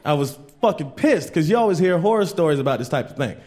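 A man doing a stand-up set on a club stage, telling stories loosely and shouting his acted quotes, with laughter from the crowd. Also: on the high side, lively intonation, fast talker. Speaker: stand-up comedian.

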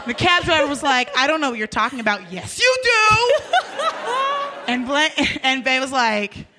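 Young woman, high voice, casual storyteller who jumps into character voices. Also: fairly quick, a faint crowd, a little hiss or hum. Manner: animated, swearing, acts out voices in her stories.

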